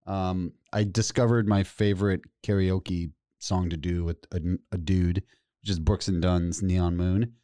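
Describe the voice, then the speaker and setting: Man co-hosting a podcast, low voice, relaxed dry humor, close dry sound. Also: unhurried, no echo. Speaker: podcast host. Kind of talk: casual chat.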